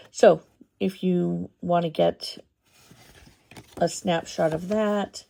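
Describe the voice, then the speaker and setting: Slow, gravelly-voiced woman crafter. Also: on the low side, dark tone. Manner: step-by-step, unhurried, thinking aloud. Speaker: papercraft tutorial host. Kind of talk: craft tutorial demonstration.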